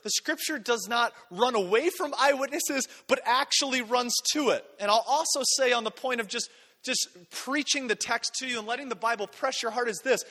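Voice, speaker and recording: A man's voice: extremely high pitch, normal speed, sharp tone. A man preaching a sermon as pastor, talking in a conversational, self-deprecating way and acting out quotes. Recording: long hall reverb.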